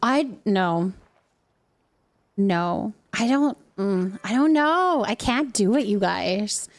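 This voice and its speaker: A woman's voice: mid-range voice, lively intonation, slow. A woman in her thirties, a mother, chatting casually with her viewers on a live stream while she plays a game, laughing often. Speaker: livestreamer and mother.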